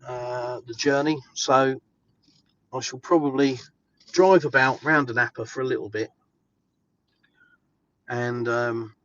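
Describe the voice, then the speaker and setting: A man's voice: mid-range voice, a bit bright, lo-fi sound, slight background noise. An English man chatting casually and upbeat with viewers while he drives, answering their questions with plenty of ums. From England. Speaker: vlogger live-streaming. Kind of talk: casual live-stream chat while driving. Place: inside a car, driving.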